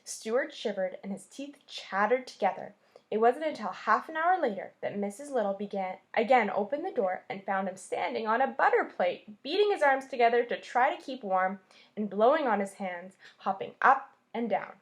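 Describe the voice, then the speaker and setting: A woman teacher with a fairly high voice reads a children's chapter book aloud. Her storytelling is expressive, and she stops now and then to point out the pictures. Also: normal speed.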